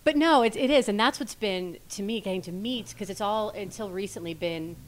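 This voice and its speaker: A woman guest on a podcast, talking with eager enthusiasm in a voice of middle pitch. She tells stories in a lively, animated way. Her manner stays friendly and casual. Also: brisk. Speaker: podcast guest and host of her own show. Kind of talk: casual chat.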